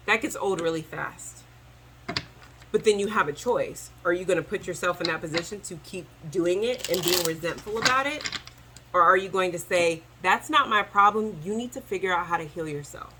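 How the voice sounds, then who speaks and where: Bright chatty woman doing a tarot reading to camera, faint room hum behind her. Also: mid-range voice, normal speed, rough recording. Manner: chatty, animated, addresses viewers as y'all. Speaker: tarot reader.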